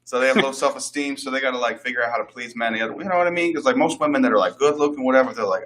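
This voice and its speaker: A man's voice: medium pitch, racing, hardly any pauses, fairly bright tone. A man co-hosting a radio show, rambling in a self-deprecating way during casual banter. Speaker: radio co-host.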